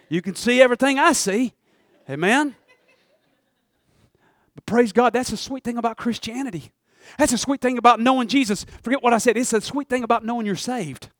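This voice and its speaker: High-voiced preacher, shouting and hushed. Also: male voice, no echo. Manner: swings from quiet asides to shouted preaching, calls "Amen?". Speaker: pastor. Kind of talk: sermon.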